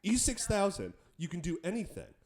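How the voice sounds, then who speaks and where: A man's voice: high-pitched, huge pitch swings, darkish tone. A man co-hosting a podcast, joking playfully and giggling between his remarks. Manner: playful, giggly, quick jokes. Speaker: podcast co-host. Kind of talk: casual podcast chat.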